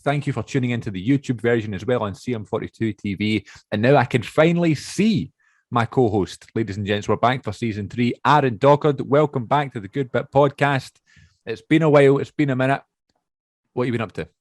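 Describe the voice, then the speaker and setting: A man's voice: medium pitch, brisk, no echo, clean studio sound. A young man hosting a podcast over a video call, chatty and rambling, often correcting himself. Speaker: podcast host. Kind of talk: casual chat.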